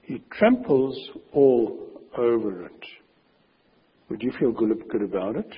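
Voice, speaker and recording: A man preaching a sermon with a very husky voice, speaking emphatically and slowing down to stress his warnings. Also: medium pitch, animated. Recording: dull recording with long hall reverb.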